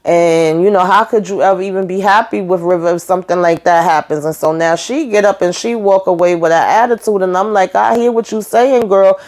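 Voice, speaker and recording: A woman's voice: fairly low pitch, steady tone, a little fast, hardly any pauses, darkish tone. A woman casually recapping a TV episode, chatty and sassy, calling her viewers girl and honey. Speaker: show reviewer recapping an episode.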